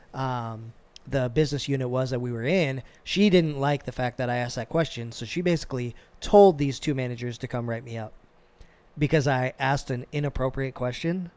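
A man hosting a podcast, telling a work story in a casual, animated and profane way. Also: mid-range voice, smooth, no room sound. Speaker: podcast host.

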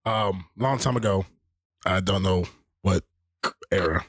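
A man's voice: sits low, unhurried, slightly rough, dry recording, studio quality. A man co-hosting a casual podcast, quizzing his friend with teasing remarks and frequent laughter. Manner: teasing quizmaster, laughs often. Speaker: podcast co-host.

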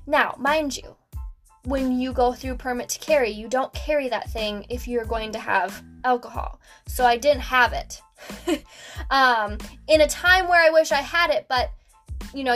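A woman's voice: fairly high pitch, fairly bright tone. A young woman hosting a podcast, telling a story casually with lots of fillers. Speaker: podcast host.

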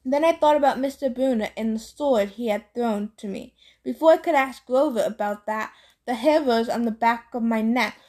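Woman reading a novel aloud, somewhat high. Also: normal speed, mellow. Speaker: audiobook reader.

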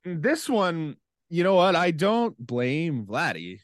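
Animated man in casual sports chat. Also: a little high, no echo, clean studio sound. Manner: animated, laughing, rapid asides. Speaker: podcast co-host.

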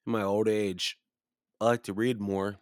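A man's voice: level tone, normal speed, no echo, clean studio sound. Profane rambling man around thirty. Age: 30s. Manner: profane, rambling, gets loud and high when ranting. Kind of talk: casual storytelling chat.

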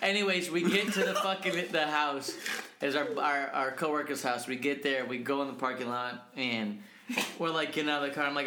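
A young man co-hosting a casual podcast, telling animated stories full of swearing and acted-out quotes. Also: fairly high pitch, fairly quick. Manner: animated storyteller, swears a lot, acts out quotes. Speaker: podcast co-host. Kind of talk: casual chat. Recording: echoey room, faint noise.

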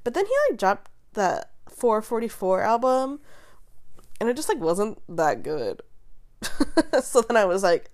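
A young adult woman hosting casual pop-culture commentary, talking in quick, animated, profane rants with a sarcastic edge and frequent laughter. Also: mid-range voice. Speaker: host.

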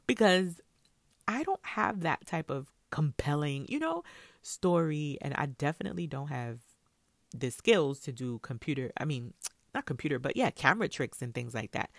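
A woman's voice: sits low, moderate pace, no room sound, studio quality. A woman vlogger telling a story in a casual way, acting out the lines of the people in it. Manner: animated, acts out her own and others' lines.

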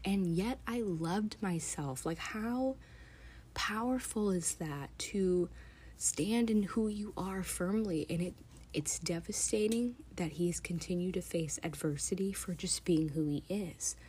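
Lower-voiced woman podcaster, earnest and emotional, slips into whispers, faint hum behind. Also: unhurried, darkish tone. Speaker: podcast host reading stories. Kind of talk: casual chat.

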